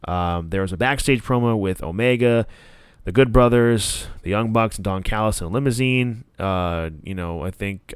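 Casual man recapping wrestling, smooth dry voice. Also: fairly low pitch, no room sound. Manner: animated, profane, acts out promos in quick bursts. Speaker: wrestling podcast host.

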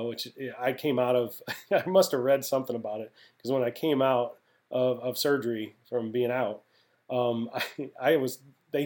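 Male guest, former pitcher; warm, dark tone, candid rambling storyteller. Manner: rambling, candid, with frequent restarts. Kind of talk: casual storytelling interview.

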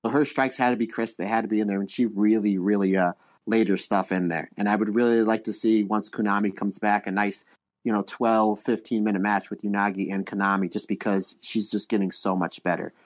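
A man hosting a podcast, chatting casually and animatedly, acting out bits of dialogue. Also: on the low side. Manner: fast, animated, acts out quoted dialogue. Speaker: podcast host.

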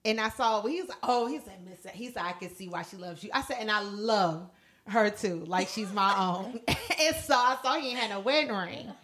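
Animated, laughing woman telling a story. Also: fairly high pitch, moderate pace. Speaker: podcast co-host. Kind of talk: casual chat, storytelling.

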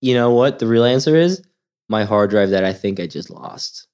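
A young man who grew up in Sweden, a podcast guest telling lively anecdotes in casual chat and acting out the voices of the people in them. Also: lowish voice, moderate pace, clean tone. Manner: animated storyteller, acts out voices in quoted lines. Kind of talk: casual storytelling.

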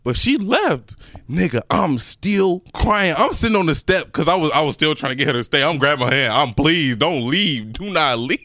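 Lively young man telling a story. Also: on the high side, normal speed, no room sound, clean studio sound. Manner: animated, laughs through his story, slangy. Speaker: podcast co-host. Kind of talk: casual storytelling among friends.

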